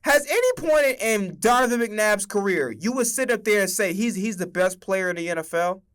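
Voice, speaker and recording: Young male streamer, high-pitched and emphatic, profane casual football rant. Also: expressive, moderate pace, fairly bright tone.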